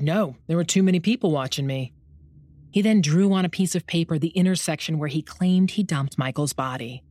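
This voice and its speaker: A woman giving measured, scripted documentary narration. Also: fairly low pitch, darkish tone, dry recording.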